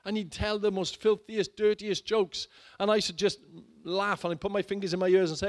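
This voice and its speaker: Preacher man with a high voice. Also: fairly even intonation, a little fast, hardly any pauses. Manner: dramatic, swings between loud urging and hushed low lines. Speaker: pastor. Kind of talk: sermon.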